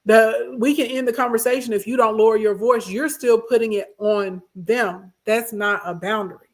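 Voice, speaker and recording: A woman's voice: fairly high pitch, steady tone, moderate pace. Emphatic woman giving relationship advice. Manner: emphatic, repeats herself, checks in with listeners. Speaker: host answering viewer comments. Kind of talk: casual advice talk, livestream.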